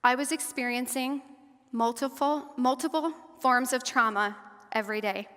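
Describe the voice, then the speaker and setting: A woman giving a personal testimony talk to an audience, earnest and measured, slowing and going softer at the hard parts. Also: high-pitched. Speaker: guest speaker and survivor advocate. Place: large hall or church. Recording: long hall reverb.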